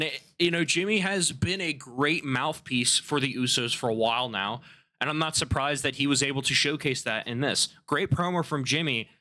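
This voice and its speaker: Male podcast host, bright and slightly high, blunt and opinionated with casual swearing. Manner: opinionated, swears, quick asides. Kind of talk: casual wrestling recap.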